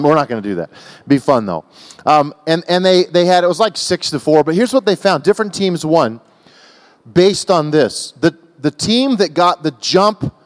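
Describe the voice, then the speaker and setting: An American man preaching a sermon to a church, telling a personal story in an emotional, animated way with frequent restarts. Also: a little high. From United States. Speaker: guest preacher. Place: large church hall. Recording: long church-hall reverb.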